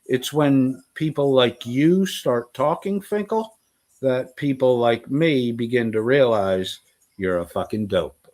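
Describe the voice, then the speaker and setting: A man's voice: medium pitch, slow pace, darkish tone. A man in a scornful, profane rant, hurling insults. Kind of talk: ranting commentary.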